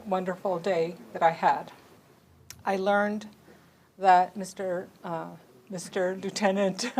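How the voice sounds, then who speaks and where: A woman on a city council giving a heartfelt tribute speech, telling a story in an earnest, emotional way. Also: mid-range voice.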